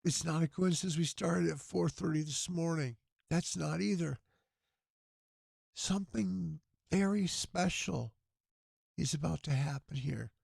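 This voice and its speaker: Gravelly tired man hosting a livestream. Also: fairly high pitch, measured pace, darkish tone, no echo, studio quality. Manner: earnest, preachy, gravelly. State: hoarse, tired voice. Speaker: livestream telethon host. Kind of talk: casual livestream talk with prayer.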